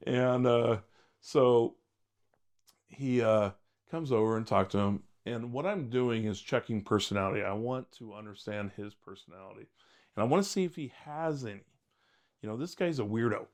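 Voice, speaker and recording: An older retired detective telling case stories in an interview, blunt and wry, rambling with many fillers. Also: male voice, mid-range voice, moderate pace, darkish tone. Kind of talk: storytelling interview.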